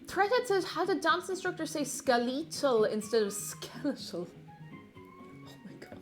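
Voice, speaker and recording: A woman's voice: sits high, huge pitch swings, unhurried, soft background music. A young Irish woman streaming from home, chatting casually and reading out viewer comments with frequent giggles and rambling asides.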